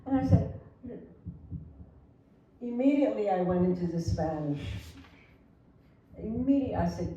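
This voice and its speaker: An older woman, a flamenco artist, telling lively anecdotes on stage and acting out the people in them. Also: medium pitch, moderate pace, pauses often, dull audio. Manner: animated anecdotes with laughter and acted quotes. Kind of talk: storytelling on stage. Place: hall with audience. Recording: echoey hall, distant mic, faint noise.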